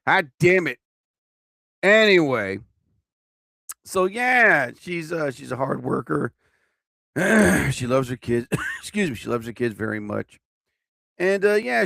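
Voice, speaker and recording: Lively-voiced man rambling on a live stream. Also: mid-range voice, creaky, no echo, studio quality. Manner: rambling, swearing and laughing at his own jokes. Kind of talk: casual live stream chat.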